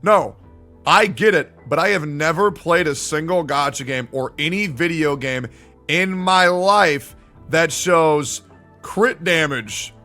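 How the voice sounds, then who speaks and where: A male livestreamer with a slightly high, sharp-toned voice reacts to his viewers. He's argumentative and swears a lot, talking back to his chat.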